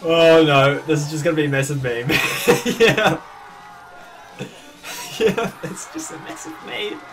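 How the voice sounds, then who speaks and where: A young man giving casual reaction commentary, excitable and quick to laugh and exclaim. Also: on the high side. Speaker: YouTube reactor. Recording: music playing underneath.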